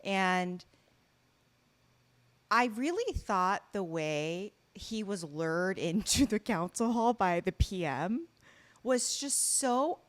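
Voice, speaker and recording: Young woman podcast host, lively swooping voice. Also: slow pace. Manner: lively, incredulous, swoops in pitch. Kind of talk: casual chat.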